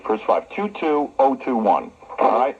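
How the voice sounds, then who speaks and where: A man's voice: mid-range voice, sing-song, a little slow. A man hosting a radio talk show, brash and joking, interviewing a guest. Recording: dull cassette recording of radio broadcast.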